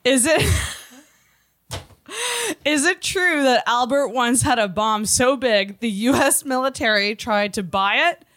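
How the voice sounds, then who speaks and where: A woman's voice: a little high, slow, a bit bright. A woman hosting a podcast, reading listener messages aloud and giggling between lines. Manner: giggly, reads messages aloud with frequent laughs. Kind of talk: casual podcast chat.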